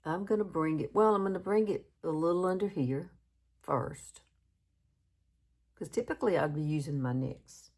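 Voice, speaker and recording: A woman's voice: deep voice, moderate pace, a little mellow. A Southern woman from Alabama in her fifties, chatting casually through a makeup tutorial and laughing at herself often. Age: 50s. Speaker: beauty vlogger.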